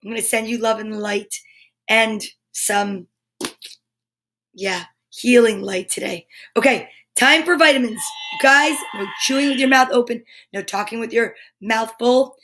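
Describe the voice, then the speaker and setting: A woman hosting a live children's show, bubbly and excitable, with playful asides and quick drops to a whisper. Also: a little high, a little hiss or hum. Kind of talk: live-streamed kids' show chat.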